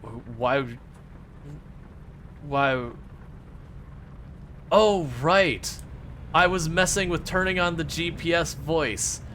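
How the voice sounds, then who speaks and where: A man's voice: on the high side, slow pace, long pauses, fairly bright tone, slight background noise. A man chatting casually to his chat while streaming a driving game, rambling with lots of fillers and playfully mocking the game.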